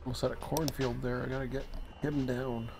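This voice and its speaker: A man giving casual, thinking-aloud commentary while playing a train dispatching game, low-key and a bit sleepy. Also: little pitch movement, fairly quick, background noise. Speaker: streamer.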